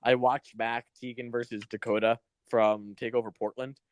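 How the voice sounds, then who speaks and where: A man's voice: mid-range voice, flat delivery, normal speed, dry recording. A man co-hosting a podcast, reviewing wrestling in a rambling, casual way, swearing and acting out little quotes. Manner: rambling, swears, acts out quotes in put-on voices. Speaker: podcast co-host.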